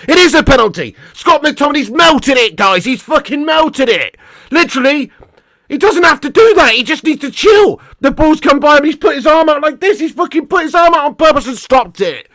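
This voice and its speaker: A man hosting a live football watch-along, reacting loudly, swearing often and chatting with viewers in the chat. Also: extremely high pitch, moderate pace, dry recording, clean studio sound. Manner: swears a lot, excitable, chats to viewers.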